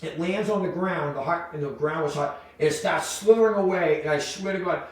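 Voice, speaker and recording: Animated man telling stories. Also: on the high side, a little fast. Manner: animated storyteller, acts out quoted voices. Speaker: podcast guest. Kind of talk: storytelling in casual chat. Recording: echoey room, distant mic, faint noise.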